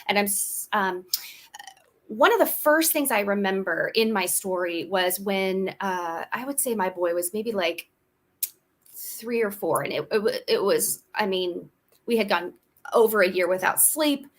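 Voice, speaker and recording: A woman guest, a homeschool mom and author, telling her story candidly in an interview, animated and full of restarts. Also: mid-range voice, measured pace.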